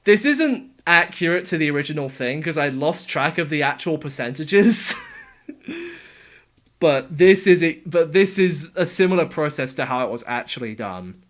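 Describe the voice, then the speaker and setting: A young man casually explaining how he made game voices, talking in a relaxed, halting way. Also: on the high side. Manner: halting, relaxed, with fillers and restarts. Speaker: game voice actor and sound editor. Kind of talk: casual developer commentary.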